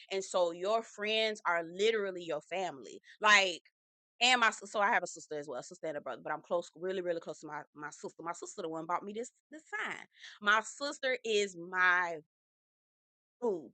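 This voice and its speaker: Sassy woman with a bright, dry voice. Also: lowish voice, moderate pace, dry recording. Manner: sassy, animated, says "girl" often. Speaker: reality TV recap host. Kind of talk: casual recap commentary.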